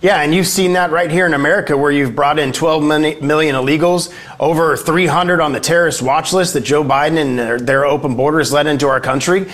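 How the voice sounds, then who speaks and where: Emphatic congressman guest, slightly high voice. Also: fairly even intonation, fairly quick, hardly any pauses, a bit bright. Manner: emphatic talking points with frequent uh fillers. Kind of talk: political interview.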